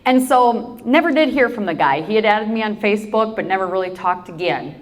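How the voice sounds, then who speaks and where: A woman's voice: medium pitch, expressive, fairly quick. A woman from South Dakota, an agriculture advocate, giving a storytelling keynote talk with playful asides to the audience.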